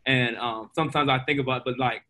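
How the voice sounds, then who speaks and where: A young man, a pro baseball player, telling animated stories in a casual interview, full of fillers. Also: medium pitch, fast talker. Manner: animated, excitable, many fillers. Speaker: guest, professional baseball player.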